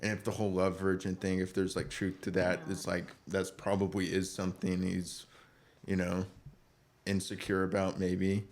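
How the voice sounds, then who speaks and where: With a low, monotone voice at a moderate pace, this young co-host chats casually through a reality-TV recap on his podcast, acting out lines in over-the-top voices and frequently laughing.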